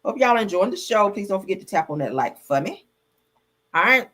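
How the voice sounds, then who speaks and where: A woman hosting a livestream, reading news aloud and reacting in a sassy, animated way, swearing and calling her viewers baby and girl. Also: mid-range voice, fairly quick, a little hiss or hum. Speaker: livestream host. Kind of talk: casual news commentary and ranting.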